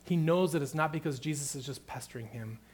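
Middle-aged male pastor with a slightly high voice, mid-sermon, swinging from hushed to emphatic. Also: quick pace, breathy edge. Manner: shifts from hushed, tender delivery to loud emphatic questioning.

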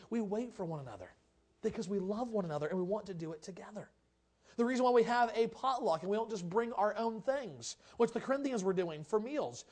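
A preacher with a high-pitched voice delivers a sermon. The delivery is conversational, full of casual asides, and it swings between lower, quieter stretches and loud, shouted exhortation. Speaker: pastor.

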